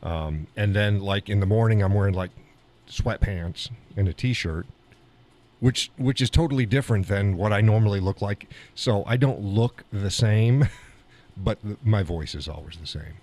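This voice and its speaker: A man's voice: on the low side, moderate pace, a little mellow. An American man hosting a live stream, chatting in a rambling, folksy way. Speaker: live show host. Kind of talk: casual chat on a live stream.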